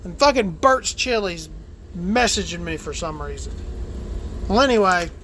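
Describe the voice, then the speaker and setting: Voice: mid-range voice, animated, measured pace, fairly bright tone, slight background noise. A performer voicing a brash, profane trans woman podcast host, ranting and rambling in a comedic monologue.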